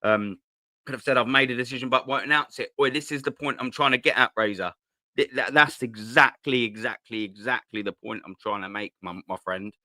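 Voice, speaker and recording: A man's voice: medium pitch, steady tone, a little fast, pushed and bright, dry recording, clean studio sound. A man hosting a casual live stream from home, rambling and swearing with lots of slang into a cheap desk mic at his laptop. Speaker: host.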